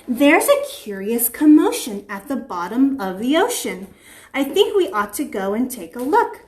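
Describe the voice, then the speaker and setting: A young woman reads a picture book to small children in a lively, sing-song manner. Her voice sits high, and the room around her rings with echo. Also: a little slow. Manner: animated, sing-song, voices creatures in the story. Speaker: preschool teacher. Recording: echoey room.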